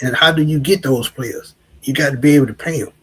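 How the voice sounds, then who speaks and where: A man's voice: medium pitch, fast, slightly rough, rough recording. A man, co-hosting a casual sports talk show and musing back on what he has seen. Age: 40s. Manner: reflective, repeats "like I said".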